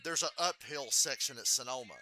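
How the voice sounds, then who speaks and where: A man's voice: medium pitch, animated, fairly quick, sharp tone, soft background music. A man giving live race reaction commentary, swearing freely and telling offhand stories in a blunt way. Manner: profane, blunt, offhand storytelling.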